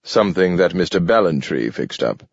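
A man's voice: sits low, sing-song, moderate pace, husky, no echo, exaggerated voice. A man reading the lines of a polite, deferential male household robot servant in a storybook, in a dull lo-fi recording. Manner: formal, deferential. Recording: dull lo-fi audio.

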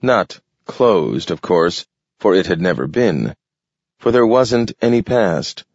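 A man reading a story aloud in a measured, contemplative narration. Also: sits low, very animated, darkish tone, dry recording, lo-fi sound. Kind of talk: scripted narration.

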